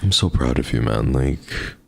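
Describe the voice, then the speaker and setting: A man's voice: very deep voice, animated, measured pace, vocal fry, breathy edge, soft background music. A man streaming live in casual chat, talking to his viewers in an affectionate, encouraging pep-talk way. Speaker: livestreamer.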